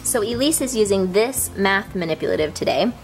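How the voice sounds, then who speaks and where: A woman's voice: mid-range voice, animated, a little fast, music in the background. A woman in her thirties, a mother talking candidly to the camera at home in a casual, chatty family vlog. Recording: roomy home recording with noise.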